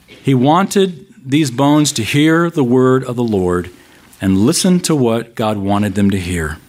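Male pastor, mid-pitched, sermon delivery, expressive with slow emphatic scripture passages.

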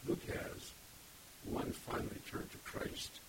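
A man's voice: on the high side, normal speed. A man preaching an expository sermon, reading scripture aloud and stopping to explain the words. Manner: emphatic, reads scripture aloud and stops to explain. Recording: loud background hiss. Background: steady hiss.

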